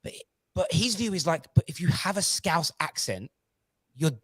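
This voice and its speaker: A man hosting a casual football chat stream, talking in an animated, jokey and excitable way. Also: a little high, moderate pace, no echo. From Jamaica. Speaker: host.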